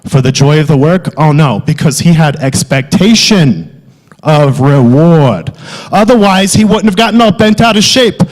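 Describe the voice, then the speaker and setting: A man playing a loud, wisecracking South Philly alter ego with a thick Philadelphia accent, delivering a comic sermon. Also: a little high, animated, moderate pace, lightly acted. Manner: exaggerated, wisecracking, loud street-corner banter. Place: theatre stage. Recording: long hall reverb.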